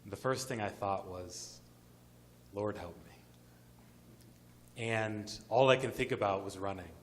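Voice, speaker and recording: A man's voice: on the low side, a bit bright. A man narrating a personal story at a live story slam on an arts center stage, vivid and building suspense.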